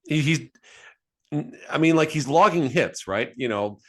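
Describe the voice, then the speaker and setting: A man co-hosting a sports podcast, joking and animated, often repeating words as he talks. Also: fairly high pitch, a little slow. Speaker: podcast co-host. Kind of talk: casual sports chat.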